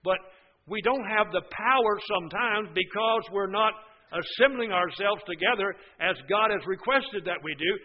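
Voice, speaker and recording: Male preacher, high voice, earnest sermon with emphatic swells, dull lo-fi broadcast sound. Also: moderate pace.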